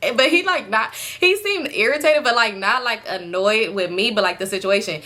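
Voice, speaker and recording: A young woman vlogger telling a casual storytime, chatty and animated, swearing freely and laughing often. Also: medium pitch, normal speed.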